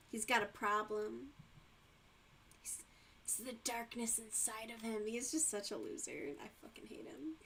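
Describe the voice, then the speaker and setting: Casual woman streamer, a bit high-pitched, laughs often and swears freely. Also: fairly bright tone. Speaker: livestream host. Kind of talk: casual chat while crocheting.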